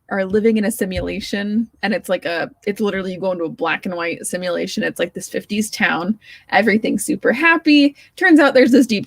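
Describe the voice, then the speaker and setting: A woman co-hosting a podcast in casual chat, excitable and quick to laugh. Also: medium pitch, no room sound. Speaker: podcast co-host.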